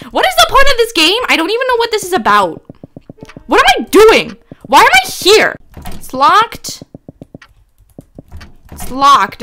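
Shrill, excitable young-sounding woman gamer. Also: slight background noise. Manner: excitable, screams and talks to objects. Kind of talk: horror game commentary.

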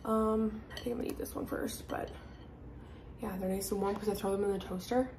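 A woman's voice: mid-range voice, fairly even intonation, a little fast, gravelly, a little mellow, slight background noise. Chatty young woman vlogging on her phone. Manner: rambling, fillers like "like" and "um". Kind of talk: casual chatty vlog. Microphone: handheld phone at arm's length.

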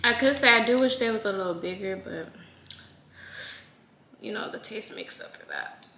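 A woman's voice: medium pitch, animated, moderate pace, vocal fry, sharp tone. A woman vlogger chatting casually in slang while eating, with a runny nose. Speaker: food vlogger. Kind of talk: casual mukbang chat to camera. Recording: echoey room with faint noise.

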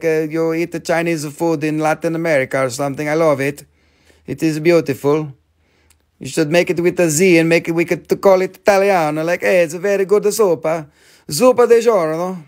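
A man hosting a live rock sales stream, joking and rambling in playful sales patter. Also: on the high side.

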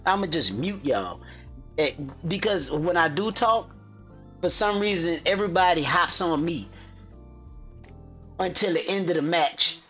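A man's voice: sits high, unhurried, pauses often, pushed and bright, soft background music. A man trading playful trash talk in casual podcast banter, his voice compared to a famous comedian's.

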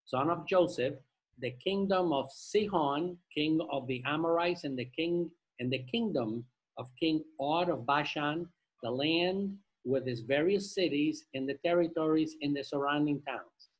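Husky man reading scripture aloud. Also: a little high, poor audio. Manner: reads slowly, stumbles over names, adds jokey asides. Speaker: Torah study participant reading scripture. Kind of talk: reading aloud and group discussion.

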